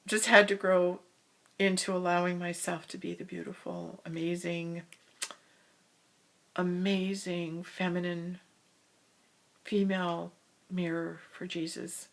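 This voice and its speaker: A woman telling a personal spiritual story in a casual monologue, recorded in the hall of her house, sometimes dropping to a soft whisper. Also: on the low side, level tone, slow, vocal fry, pauses often. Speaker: spiritual speaker.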